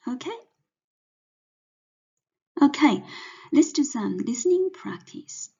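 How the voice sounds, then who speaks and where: A woman's voice: fairly low pitch, lively intonation, takes it slowly, gravelly, a little mellow, slightly rough. A woman teaching pinyin pronunciation, patiently spelling out each sound and then blending the sounds together. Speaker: Chinese language teacher. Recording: dull, muffled lo-fi audio.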